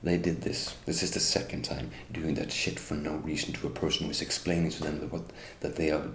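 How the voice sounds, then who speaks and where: Indignant low gravelly man. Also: flat delivery, fairly quick, fairly bright tone, a little hiss or hum. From Norway. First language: Norwegian. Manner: indignant, bitter, addresses the police directly. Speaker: interviewee. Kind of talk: first-person account. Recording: roomy echo with faint ambience.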